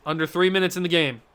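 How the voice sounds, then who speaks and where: Excitable high-voiced male game commentator. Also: clean tone. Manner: excitable, self-talking, swings between play-by-play and outbursts. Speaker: gaming channel host. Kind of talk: live football video game commentary.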